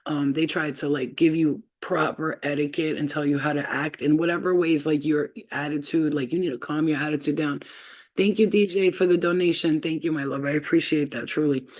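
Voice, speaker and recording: A woman's voice: deep voice, darkish tone. A woman giving a casual livestream spiritual reading, rambling loosely and filling her talk with fillers. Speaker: spiritual reader.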